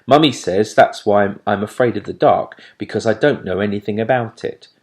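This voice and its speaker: A man's voice: fairly low pitch, normal speed, lightly acted. A man voicing a timid, fluffy baby barn owl boy who gets cross easily and stammers when puzzled, in a storybook reading. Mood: curious.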